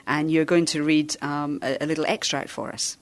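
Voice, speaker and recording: A woman's voice: sits low, fairly even intonation. A woman hosting a podcast interview in a chatty, enthusiastic way. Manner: chatty, enthusiastic, quick to laugh. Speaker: podcast host. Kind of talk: casual interview.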